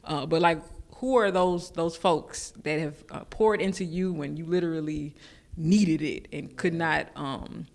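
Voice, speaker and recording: A woman's voice: low-pitched, unhurried, gravelly. Woman, podcast host, playful, teasing, casual interview. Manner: laughing easily, playful teasing.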